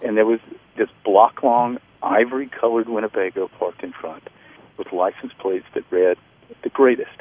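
A middle-aged man from North Carolina, an author telling a personal story in an interview, earnest and halting, with restarts and fillers. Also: on the low side, fairly even intonation. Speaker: author guest. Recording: tinny phone-line radio audio.

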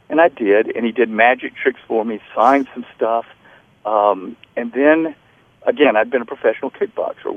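A middle-aged man calls in to a radio interview, his dry voice squeezed thin by a phone line. He tells his story earnestly and haltingly, restarting sentences and leaning on fillers. His voice sits at an ordinary middle pitch. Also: no room sound. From North Carolina. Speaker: author guest.

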